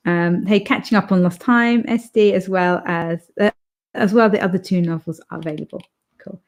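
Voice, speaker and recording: Casting note: young woman, author host, chatty and rambling, relaxed stream talk. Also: on the low side, normal speed, dull audio. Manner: chatty, rambling with fillers and restarts. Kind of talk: casual chat reading live comments.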